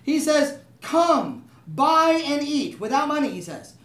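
A man's voice: extremely high pitch, sing-song, slow, fairly bright tone. A man preaching a sermon, talking conversationally and asking the room to agree with him. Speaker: pastor. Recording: echoey room, voice from a distance.

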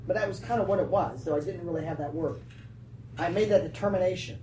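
A woman pastor preaching a lively sermon, laughing often and calling out for responses from the room. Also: on the low side, fast talker. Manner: animated, laughing, calls for audience response. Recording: roomy, distant, faint noise.

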